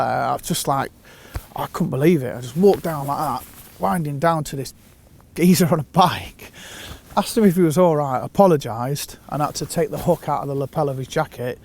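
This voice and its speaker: A man telling a fishing anecdote in a casual, animated way, acting out the quotes. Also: fairly high pitch, a little fast, gravelly. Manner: animated storyteller who acts out quotes. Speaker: fishing consultant.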